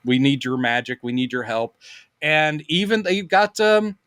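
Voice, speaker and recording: A middle-aged man in casual podcast chat, a lively storyteller who slips into voices when quoting people. His voice sits fairly high for a man. The sound is dry, with no room around it. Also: moderate pace, clean tone, no echo. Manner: animated storyteller, acts out quotes in voices. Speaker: podcast co-host.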